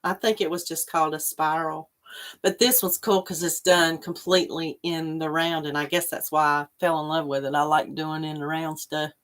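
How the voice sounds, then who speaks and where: A woman's voice: sits low, steady tone, moderate pace. A woman hosting a casual livestream, chatting in a rambling way and reading out viewer comments. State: coughing after choking on water. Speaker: livestream host. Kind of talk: casual chat with live viewers.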